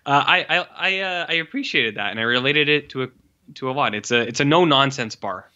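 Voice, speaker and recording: A man co-hosting a podcast in loose, casual chat, with a bright, forceful voice. He gets animated, swears freely and acts out lines with big reactions. The sound is dull and lo-fi. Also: mid-range voice, brisk. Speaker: podcast co-host.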